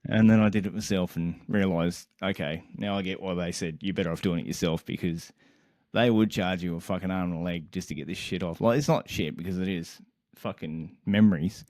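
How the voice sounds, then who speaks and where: Man, young adult, low voice, dry sound, animated, exasperated, heavy swearing, casual podcast storytelling. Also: fairly quick, dry recording. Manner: animated, exasperated, swears constantly, laughs mid-sentence. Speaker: podcast co-host.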